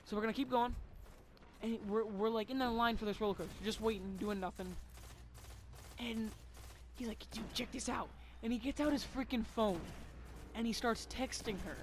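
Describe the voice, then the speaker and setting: This story time over gameplay moves at a moderate pace with long pauses, the narrator rambling casually, filling gaps with constant fillers and the occasional swear. A faint hiss runs beneath the middling-pitched voice.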